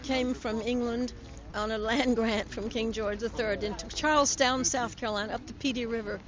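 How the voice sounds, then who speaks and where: A woman's voice: a little high, fairly even intonation, moderate pace. An older American woman, a guest in an outdoor interview, telling stories in a chatty way. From United States. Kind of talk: casual on-location interview. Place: outdoors at a public ceremony. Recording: lo-fi outdoor audio with crowd.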